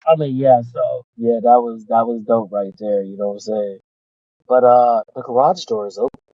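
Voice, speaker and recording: A man hosting a podcast, retelling events in casual chat, excitable and swearing freely. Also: mid-range voice, normal speed, no echo. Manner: excitable, profane storytelling. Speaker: podcast host. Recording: dull lo-fi dry sound.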